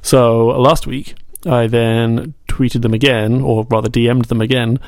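Gravelly-voiced man, dry close sound. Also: mid-range voice, level tone, unhurried, a little mellow, dry recording. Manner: playful, reads messages aloud in mock-dramatic tones. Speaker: podcast co-host. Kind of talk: casual chat.

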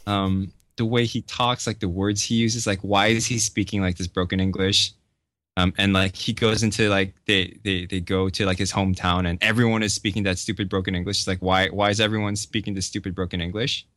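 A man's voice: deep voice, flat delivery, fairly quick, fairly bright tone, no echo. A man talking casually on a podcast, telling stories with lots of fillers and laughter.

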